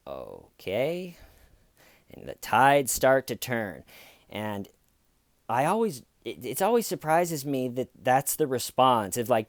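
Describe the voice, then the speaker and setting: Sarcastic guy riffing on true crime, smooth clear voice, dry close mic. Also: on the low side, no room sound. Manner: sarcastic, acts out quotes in mocking voices. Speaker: true crime commentary host. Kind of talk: comedic true crime commentary.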